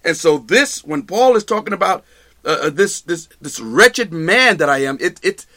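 High-voiced emphatic male Bible teacher. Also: lively intonation, normal speed, pushed and bright. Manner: repetitive, emphatic, restarts phrases; addresses listeners directly with "okay?". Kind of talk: live Bible study teaching.

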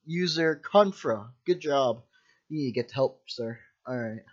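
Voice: medium pitch, animated, a little slow, lo-fi sound. A casual co-host reading scary internet stories aloud, stopping often to joke and laugh. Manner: giggly, interrupts himself to joke. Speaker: story reader, co-host. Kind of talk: casual comedic story reading.

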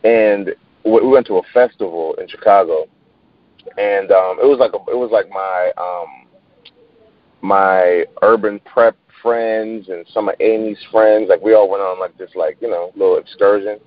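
A man with a lowish voice talks casually and loosely, circling back on his words. The recording is dry and a bit dull. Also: steady tone, normal speed, no echo. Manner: laid-back, lots of fillers and repeats, swears freely. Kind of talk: casual chat.

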